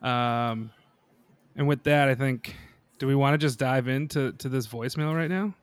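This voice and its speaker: A male podcast co-host rambling and joking in casual chat. He speaks at a middle pitch, recorded close up and dry with no room sound. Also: normal speed, clean tone, no room sound. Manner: jokey, rambling, profane.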